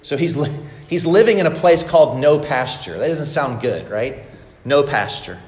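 A man's voice: mid-range voice, animated, moderate pace, a little mellow. A man preaching a sermon, expressively acting out the quoted lines of the story. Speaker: pastor. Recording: echoey hall with long reverb.

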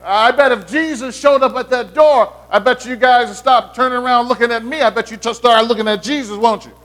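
Male pastor, high-pitched, chatty sermon delivery with restarts. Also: a little fast, a bit bright. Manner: conversational preaching with playful asides and repeated restarts.

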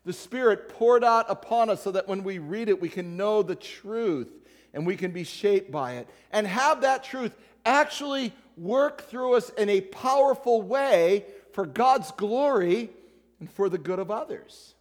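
A man with a notably high voice preaches a sermon to his congregation. He keeps it conversational, teasing and calling out people in the pews. His words ring out with a long reverb in the church sanctuary. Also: expressive, measured pace. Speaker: pastor.

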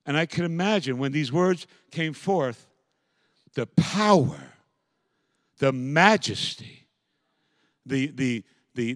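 A man preaching a sermon as pastor, moving from quiet, reflective passages to loud, impassioned calls. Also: mid-range voice, lively intonation, slow pace, long pauses, no room sound.

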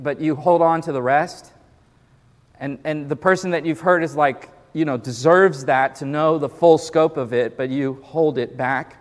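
A man's voice: fairly high pitch, moderate pace. Conversational male pastor preaching in a reverberant hall. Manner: conversational preaching, repeats words, acts out quoted excuses. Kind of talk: sermon.

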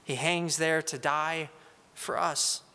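A man giving a slow, earnest Good Friday meditation as a preacher. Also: on the high side, fairly even intonation, bright, forceful tone, smooth, big-room sound. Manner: slow, earnest, reflective delivery.

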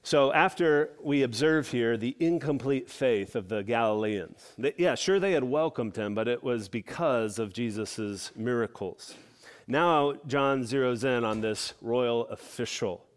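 A middle-aged man preaching a sermon at an ordinary pitch for a man. He walks through the passage earnestly and keeps it conversational, with casual asides to the listeners. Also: a little slow, clean tone. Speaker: pastor.

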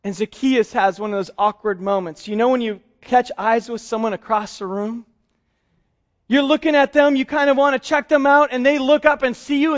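A male pastor preaching a sermon, telling a story and acting out its quotes in soft, hushed tones. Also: extremely high pitch, highs cut off.

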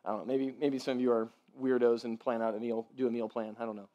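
A man preaching a sermon in a loose, conversational way, often asking "right?" and softening his voice when he voices the father. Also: medium pitch, level tone, fast, few pauses. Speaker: pastor.

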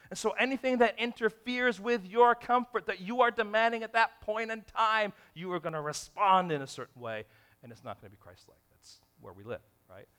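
Bright-voiced animated preaching man. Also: high-pitched, a little fast. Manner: animated preaching, acts out scenarios in different voices. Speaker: pastor. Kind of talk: sermon.

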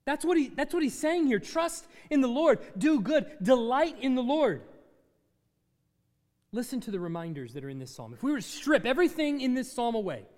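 A man's voice: extremely high pitch, in a large hall. A man preaching a sermon as pastor, asking his congregation questions and letting his voice rise and fall.

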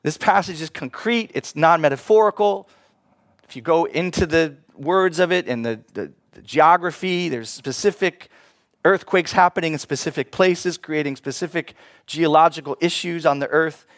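A man preaching a sermon, swinging between hushed, slow passages and loud, emphatic ones. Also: on the high side, dry recording, studio quality. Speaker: pastor.

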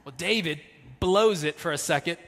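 A man's voice: a little high, moderate pace. Male pastor, sermon delivery, emphatic; long hall reverb. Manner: emphatic, swings between loud punches and soft trailing lines.

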